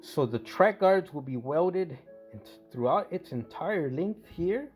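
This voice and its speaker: A man's voice: a little high, expressive, slow pace, faint music behind. A man casually narrating a scale model tank restoration, rambling and correcting himself as he goes. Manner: rambling, self-correcting, conversational.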